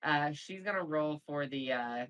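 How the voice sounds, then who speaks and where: A woman playing a tabletop game, who thinks aloud and hesitates over her moves. Her voice is very low for a woman. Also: a little slow, a bit bright, low-quality recording. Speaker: player. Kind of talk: casual tabletop play.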